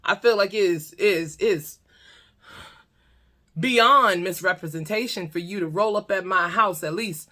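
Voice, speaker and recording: Woman on her own camera, bright punchy voice, cussing and cracking up as she tells it. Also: mid-range voice, a little slow. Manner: animated, laughs often, blunt and profane. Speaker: storytime vlogger. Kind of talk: casual comedic storytime. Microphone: talking to her own camera.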